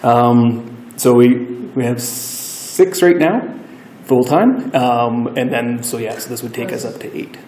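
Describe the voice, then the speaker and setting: A man's voice: medium pitch, slow, a little mellow, slight background noise. A man who directs a town's public works answers council questions casually, stammering a little. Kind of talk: council meeting discussion. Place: council chamber. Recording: roomy council chamber mic.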